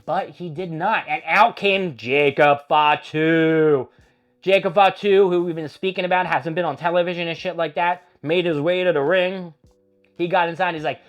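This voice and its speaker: A man's voice: a little high, steady tone, moderate pace. A man hosting a casual wrestling recap, rambling and opinionated with plenty of swearing. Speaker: host.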